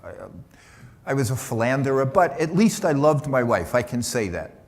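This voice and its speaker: A man voicing a tense, guilty husband in a joke, confessing in a halting, hesitant way. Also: medium pitch, very animated. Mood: sheepish. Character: nervous guilty man confessing at heaven's gate.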